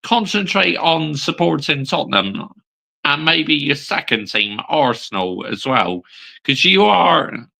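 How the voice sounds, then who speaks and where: A man's voice: medium pitch, gravelly, sharp tone, rough recording. A young man chatting casually about football on his own channel, swearing freely and repeating "I mean" between points. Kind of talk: casual live-stream football chat.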